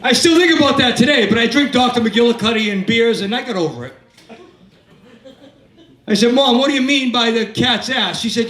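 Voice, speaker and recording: A man's voice: very high voice, lively intonation, fairly quick, fairly bright tone. A man in his fifties doing a stand-up set in a comedy club, telling crude, rambling stories and working the crowd. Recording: echoey club, from a distance.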